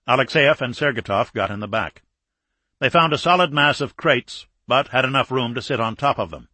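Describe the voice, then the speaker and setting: Bright-voiced male audiobook narrator. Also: medium pitch, moderate pace, husky, no echo. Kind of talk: scripted narration.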